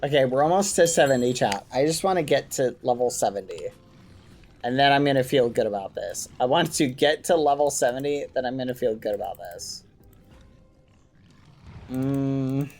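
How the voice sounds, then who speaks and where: While playing a game on stream at home, a man chats easily with his viewers and swaps swearing for milder outbursts. The voice is mid-range, a little mellow, at normal speed, with a little hiss or hum and keyboard clicks and typing behind.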